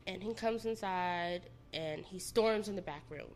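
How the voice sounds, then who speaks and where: A woman's voice: on the low side, measured pace, a little mellow, slight background noise. A woman telling her own story bluntly. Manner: candid, blunt and profane. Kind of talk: casual personal storytelling.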